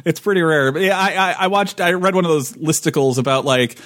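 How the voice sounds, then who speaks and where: A man's voice: fairly high pitch, brisk, fairly bright tone, dry recording. A man co-hosting a tabletop gaming podcast, chatting casually, rambling with restarts and laughing often. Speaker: podcast co-host. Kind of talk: casual chat.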